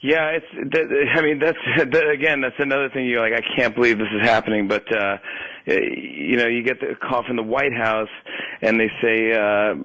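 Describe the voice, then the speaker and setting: A comedian calls in and tells his stories in an animated rush, laughing and restarting as he goes. His voice sits at an ordinary pitch for a man. The phone line sounds dry and close, with no room around it. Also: normal speed, no echo. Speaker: guest comedian. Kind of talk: phone interview, casual storytelling.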